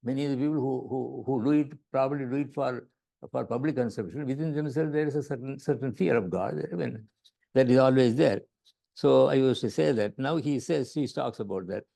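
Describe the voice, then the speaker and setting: A man's voice: mid-range voice, brisk, gravelly, dark tone. A man with an Indian accent giving a lecture on scripture as a yoga teacher, often repeating words and checking in with "right?".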